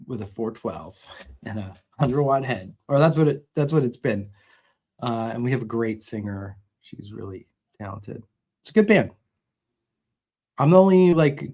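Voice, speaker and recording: A middle-aged man hosting a casual guitar livestream, reading viewer comments and explaining gear in a relaxed, roundabout way. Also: mid-range voice. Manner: relaxed and explanatory, with many restarts. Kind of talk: casual live chat answering viewer comments.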